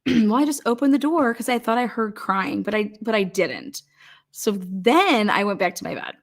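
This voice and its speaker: A woman's voice: mid-range voice, expressive, normal speed, gravelly. A woman playing a flustered young woman witness in a mocking role-play, with evasive, stumbling answers. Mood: defensive. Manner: hesitant, stumbling, defensive.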